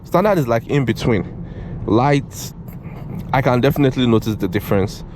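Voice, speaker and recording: A young man giving casual, excitable driving commentary from inside a moving car, repeating himself and calling out "bro", recorded on a GoPro camera. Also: medium pitch, normal speed. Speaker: car reviewer. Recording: road and engine noise in car.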